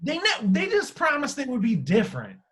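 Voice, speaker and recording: A man hosting a casual podcast, talking in an animated way with free swearing, his voice swinging between loud and quiet. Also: extremely high pitch, normal speed. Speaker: podcast host.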